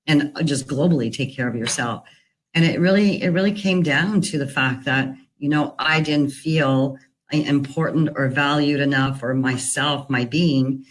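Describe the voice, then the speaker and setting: A woman's voice: very deep voice, rough recording. A woman relationship coach sharing a personal story in an earnest, conversational way, with frequent "you know" fillers. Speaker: relationship and divorce recovery coach.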